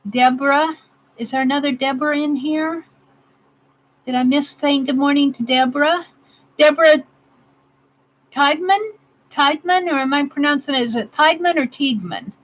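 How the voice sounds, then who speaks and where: A woman's voice: high-pitched, fairly even intonation, moderate pace, low-quality recording. A woman in her sixties hosting a casual craft livestream from her home craft room, chatting with viewers and giggling often. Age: 60s. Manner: chatty, giggly, reads out comments. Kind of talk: casual chat with live viewers.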